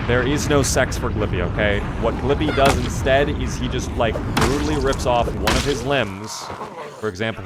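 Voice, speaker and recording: A young man commenting casually on a live game stream, joking, swearing and answering chat as he plays. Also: mid-range voice. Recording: noisy stream audio with clicks.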